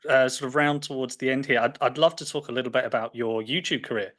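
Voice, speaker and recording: A man's voice: mid-range voice, steady tone, fast talker, fairly bright tone. A British man hosting a podcast interview, asking questions with many fillers and restarts. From Britain. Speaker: podcast host. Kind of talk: casual interview chat.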